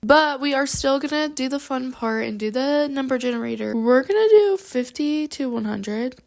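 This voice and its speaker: A woman's voice: high voice, expressive, moderate pace, vocal fry. Bubbly young woman vlogging at home. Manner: bubbly, rambling, with fillers. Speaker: book vlogger. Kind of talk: casual chatty vlog. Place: at home, moving between rooms. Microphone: handheld microphone.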